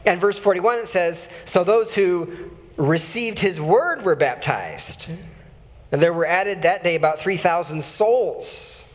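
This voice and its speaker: A man's voice: high voice, slow, long reverb tail. A male pastor giving a conversational sermon and reading scripture aloud, often correcting himself and adding chuckling asides.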